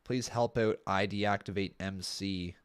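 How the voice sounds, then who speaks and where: A man's voice: low-pitched, steady tone, measured pace, clear, resonant tone. A young man from Canada doing casual live-stream commentary, exclaiming and laughing often as he looks back at old videos.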